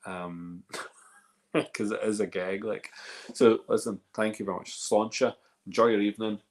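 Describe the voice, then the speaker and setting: Low-voiced, rambling Northern Irish man. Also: fairly even intonation. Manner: rambling, repeats words, fast and enthusiastic. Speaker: whisky festival organiser hosting a live stream. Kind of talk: casual live-stream chat. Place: live video call.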